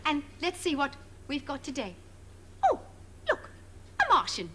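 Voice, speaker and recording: An actress playing a sing-song, condescending children's TV presenter with barbed asides. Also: female voice, sits high, wildly swooping pitch, measured pace, very noisy, exaggerated voice. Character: sugary sarcastic woman kids' TV presenter.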